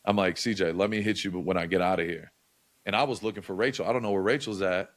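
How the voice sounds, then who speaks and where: A man's voice: low voice, quick pace. A young man talking casually as a podcast guest, swearing often and filling his talk with likes and restarts. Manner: loose, profane, many likes and restarts. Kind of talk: casual storytelling chat.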